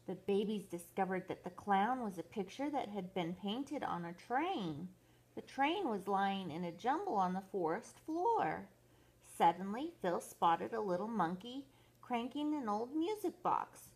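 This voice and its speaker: An older woman, a grandmother, reading a picture book aloud to children in a slow, expressive, sing-song way. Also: mid-range voice, slightly rough. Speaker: grandmother storyteller.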